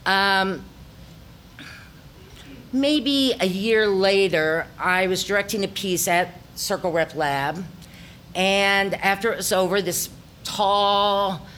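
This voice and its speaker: A woman's voice: mid-range voice, takes it slowly, long pauses, a bit bright, slight background noise. A middle-aged woman with an Ozark accent, a theater director telling a personal story to an audience, reflective and full of ums.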